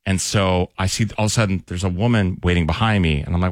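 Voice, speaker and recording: Male morning radio host, quick and low-voiced, telling a rambling story in a dry studio. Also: steady tone, no echo. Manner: rambling, self-deprecating anecdote with acted-out quotes. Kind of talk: casual storytelling.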